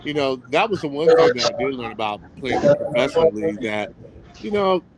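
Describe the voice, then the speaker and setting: Animated former football player telling stories. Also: male voice, medium pitch, fairly quick, a loud crowd, rough recording. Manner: animated storyteller, acts out quoted voices, laughs often. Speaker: former pro football player, interview guest. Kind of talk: casual storytelling interview.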